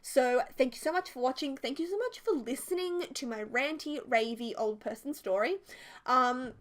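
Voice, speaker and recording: Here an Australian woman in her twenties with a high voice chats through a rambling storytime over a Sims speed build. She laughs a lot, drifts from point to point, and says "like" constantly.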